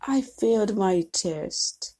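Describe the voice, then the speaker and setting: A woman's voice: medium pitch, animated, slow, darkish tone. A woman voicing a determined college student planning how to study better. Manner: resolute, practical.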